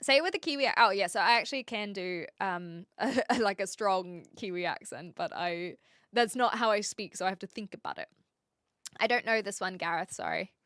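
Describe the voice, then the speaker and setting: Chatty bright-voiced woman streamer. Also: mid-range voice, a little fast, no room sound, studio quality. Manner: rambling, self-correcting, frequent fillers. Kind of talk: casual chat answering viewers.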